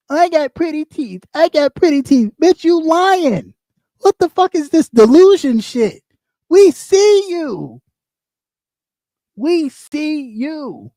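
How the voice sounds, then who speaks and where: A man's voice: high-pitched, dark tone, no room sound, studio quality. A man ranting on a livestream, mocking and heated, swearing constantly. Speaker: livestream host. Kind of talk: profane livestream rant.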